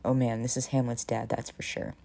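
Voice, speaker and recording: A woman streamer working through a story game in a relaxed, thinking-aloud way. Her voice is very low with plenty of vocal fry and a dark, mellow tone. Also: fairly quick. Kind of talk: casual game playthrough and reading aloud.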